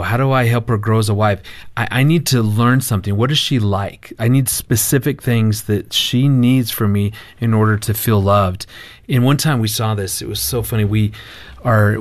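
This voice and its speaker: A man working as a marriage counselor, telling a family story in a casual chat, lively and restarting his words as he goes. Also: lowish voice.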